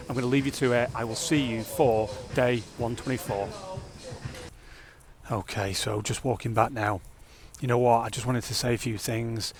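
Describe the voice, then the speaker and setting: High-energy man vlogging his challenge. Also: unhurried, crowd noise. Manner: energetic, rambling, self-reflective. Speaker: fitness vlogger. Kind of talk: casual vlog talk to camera.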